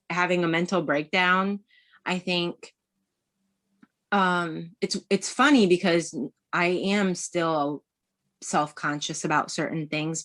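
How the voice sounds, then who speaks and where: A woman in her thirties talking openly as a podcast guest. She rambles in casual chat with lots of fillers, and her voice is a little low for a woman. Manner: candid, rambling, many fillers.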